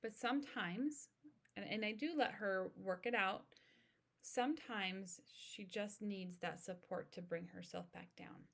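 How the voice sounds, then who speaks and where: A woman in her thirties hosting an educational podcast, speaking in a calm, steady, instructive way. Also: medium pitch, measured pace, creaky. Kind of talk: informational podcast monologue.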